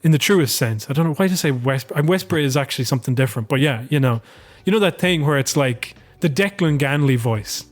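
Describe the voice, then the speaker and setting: A man co-hosting a podcast, telling stories in a rambling, sweary, animated way. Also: mid-range voice, fairly quick, few pauses, faint music behind. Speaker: podcast co-host. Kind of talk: casual political chat.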